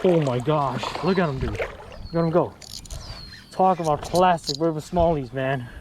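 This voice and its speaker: A young man filming his fishing trip on a creek, talking casually and excitedly, repeating his exclamations and calling his friends bro and dude. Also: on the high side, normal speed. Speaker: fishing vlogger. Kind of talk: casual outdoor fishing commentary. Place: outdoors on a creek. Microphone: action camera. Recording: outdoor camera audio with loud water noise.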